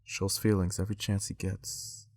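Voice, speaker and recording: A man imitating a soft-spoken, smooth romantic male relationship guru in a low, hushed, breathy voice. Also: little pitch movement, normal speed, no echo. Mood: crooning.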